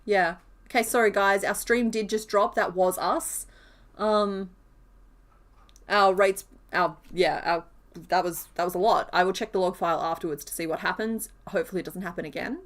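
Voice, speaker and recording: Woman, streamer, casual crafting chat, giggly, lots of fillers, medium pitch. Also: fairly even intonation, moderate pace. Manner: chatty, giggly, rambling with many fillers. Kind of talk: casual live-stream chat while crocheting.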